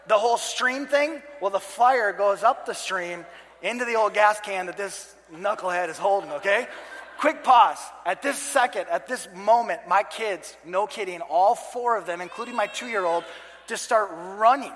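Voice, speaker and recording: A pastor in his thirties tells a comic story from the stage, animated and self-mocking, acting out quotes and shouting at the peaks. His voice sits fairly high. A long reverb from the big hall trails each phrase. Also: normal speed. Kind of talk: storytelling sermon.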